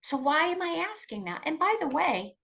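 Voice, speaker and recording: Giving coparenting guidance as an interview's guest expert, this middle-aged woman talks in a quick, emphatic stream full of restarts. She sits high, sounds very animated and fairly bright, with vocal fry, and the audio quality is poor.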